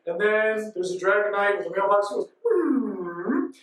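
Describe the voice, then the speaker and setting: Brief: man, 30s, breathless run-on panel storyteller, distant mic in a boomy event room. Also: fairly even intonation, fast, a bit bright. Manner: breathless, run-on storytelling with frequent ands and laughs. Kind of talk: rambling comic recap. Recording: echoey hall from far off.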